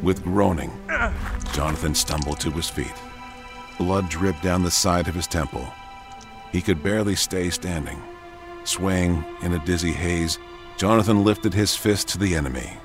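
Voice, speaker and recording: A man giving a measured, dramatic narration of a story. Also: deep voice, music in the background.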